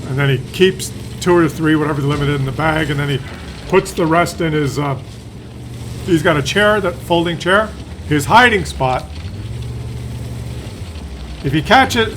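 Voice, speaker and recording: A man's voice: on the high side, a bit bright, a little hiss or hum. Rambling man telling stories. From Ontario, Canada. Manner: meandering storyteller, drifts off and loses his thread. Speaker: gaming channel host. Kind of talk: rambling chat while playing a tank game.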